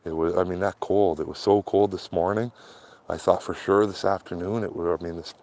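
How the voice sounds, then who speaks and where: A man with a very low, deep voice rambles casually to his viewers as he walks outdoors along a quiet street. He talks in a loose, chatty way and sounds warm and a little sweaty from walking. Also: fairly even intonation, a little fast. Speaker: vlogger. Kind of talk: casual chat while walking.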